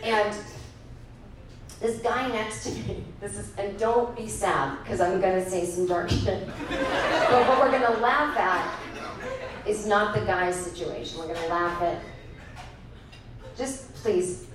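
A woman's voice: mid-range voice, takes it slowly, long pauses. A woman performing a profane, wry stand-up comedy set on a club stage, acting out the people in her stories. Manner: profane, wry, acts out other people's voices. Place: comedy club stage before a live audience. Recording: echoey live club, mic far off, crowd noise. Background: audience laughter.

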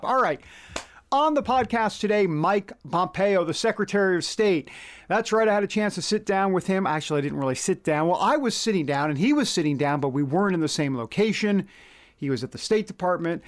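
A man with a somewhat high voice hosts a political podcast from a news studio, speaking into a studio mic. His delivery is animated and chatty, full of wry jokes, and he leans hard on the words he wants to stress. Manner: animated, wry asides, rising emphasis on key words. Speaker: podcast host. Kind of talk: casual political commentary podcast.

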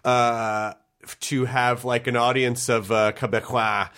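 A man in his forties who grew up in the American South, appearing as a comedian guest in a relaxed conversation. He talks reflectively and lays out his ideas in full, articulate sentences. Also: medium pitch, a little slow, smooth. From American South, grew up in Memphis. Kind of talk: casual chat.

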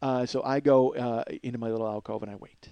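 A man hosting a podcast, telling a long story in a casual, animated way, swearing and acting out what people said. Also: medium pitch, fast talker, clean tone, no room sound, dull audio. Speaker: podcast host.

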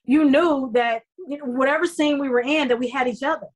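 A middle-aged woman, a soap opera actress, telling stories in a casual interview, effusive and animated with many fillers. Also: sits high, brisk, low-quality recording.

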